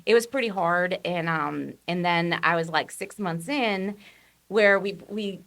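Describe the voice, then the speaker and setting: Lively Boston woman, gravelly and bright. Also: fairly low pitch, a little slow. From Boston area, US East Coast. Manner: animated storyteller, acts out quoted voices. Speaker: guest entrepreneur. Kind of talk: casual chat.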